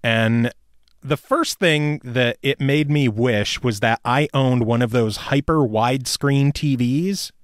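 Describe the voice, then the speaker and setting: A man hosts a casual podcast, trading crude jokes and breaking into laughter often. His voice sits at a middle pitch and is recorded close and dry, with little room sound. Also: slow, no echo. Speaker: podcast host.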